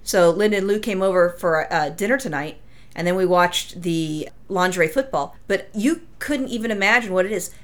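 A woman's voice: lowish voice, moderate pace. Blunt, profane woman telling a story. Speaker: podcast co-host. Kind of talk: casual chat.

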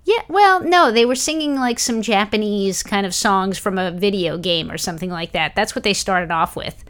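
A woman's voice: mid-range voice, normal speed, fairly bright tone. A woman in casual chat, telling a story in a wry, descriptive way.

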